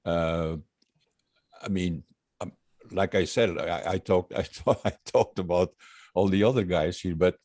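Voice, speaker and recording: Old man reminiscing in a low voice. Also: steady tone, darkish tone, dry recording, clean studio sound. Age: 80s. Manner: reminiscing, halting with many uhs, chuckles often. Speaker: guest singer. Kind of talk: casual interview chat.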